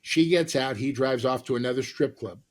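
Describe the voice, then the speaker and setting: A man, an actor and comedian, telling lively stories as a podcast guest and acting out the people in them. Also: mid-range voice, brisk. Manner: lively, acts out voices in his stories. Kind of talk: animated storytelling.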